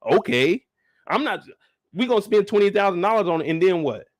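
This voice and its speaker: Hosting a live after-show discussion, a man with a high, animated voice rants in disbelief straight at his viewers, repeating phrases for emphasis. He talks a little fast, and there's no room sound.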